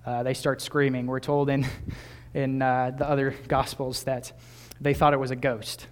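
A man in his twenties delivers a sermon at a medium pitch. He talks in an easygoing, chatty way, breaking off to restart phrases and slipping in small laughs. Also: flat delivery, normal speed. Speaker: pastor.

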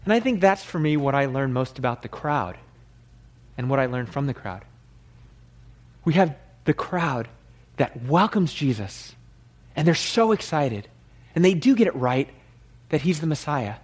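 A man's voice: on the high side, animated, measured pace, long pauses. A male pastor preaching a sermon in an earnest, conversational way.

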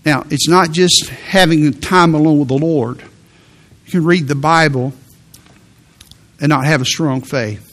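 A middle-aged male pastor delivering a sermon. His voice sits a little high for a man. He speaks earnestly and stresses points with sudden lifts. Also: measured pace, long pauses, fairly bright tone. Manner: earnest, emphatic preaching with sudden rises.

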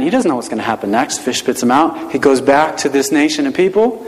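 A man preaches a sermon as if chatting with friends. He keeps asking rhetorical questions. His voice is mid-pitched and rings through a church with a long reverb. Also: lively intonation, a little fast. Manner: conversational, asks many rhetorical questions. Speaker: pastor.

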